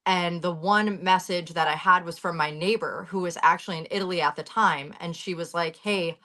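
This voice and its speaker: Blunt woman in her 30s on a video call, lowish voice, swears a lot, talks urgent and heated. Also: steady tone, a little fast, pushed and bright. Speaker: guest on a talk show. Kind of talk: emotional personal account.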